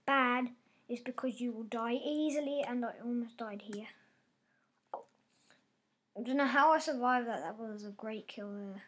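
Woman gamer, high voice, unhurried delivery, excitable play-by-play with loud outbursts and quiet mutters. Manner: excitable, reacting aloud with frequent exclamations. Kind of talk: live gameplay commentary.

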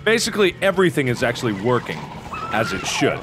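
A young man in his twenties doing loud, excitable gaming commentary, swearing and yelling at enemies. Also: fairly high pitch, fast, music in the background. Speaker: let's play host.

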